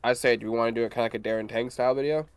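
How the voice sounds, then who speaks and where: A man's voice: medium pitch, fairly even intonation, rapid-fire, smooth, no echo, soft background music. A man joking and rambling in casual chat with friends on a stream.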